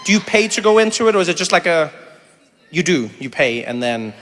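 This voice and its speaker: A man in his forties from South Africa doing stand-up and crowd work, animated and acting out little voices as he talks, laughing along with the room. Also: on the high side, fairly quick, long reverb tail. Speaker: comedian. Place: comedy venue with a live audience.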